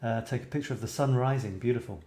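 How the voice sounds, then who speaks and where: A man chats casually on a live stream, musing aloud over viewer comments with plenty of ums and restarts. His voice is mellow and dark, and the recording has a roomy echo. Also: mid-range voice, fast talker. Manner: chatty, musing aloud, frequent fillers and restarts. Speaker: host of a photography live stream.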